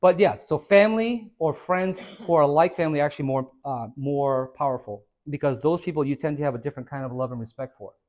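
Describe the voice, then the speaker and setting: Animated male fitness trainer giving a talk. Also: on the high side, fairly quick, few pauses. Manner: animated storyteller who acts out quoted voices. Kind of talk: casual motivational talk.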